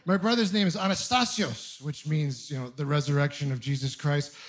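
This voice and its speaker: A man from Ontario works a stand-up set, his voice sitting high for a man. He tells his stories deadpan and breaks into quick voiced asides, sounding like he's in his thirties. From Ontario, Canada. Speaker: stand-up comedian. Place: comedy club stage with a live audience laughing.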